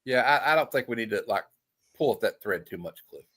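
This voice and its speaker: Animated man hosting a comic show. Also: medium pitch, a little fast, slightly rough. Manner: jokey, laughs often, reads panels in put-on voices. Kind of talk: casual chat reading comic panels aloud.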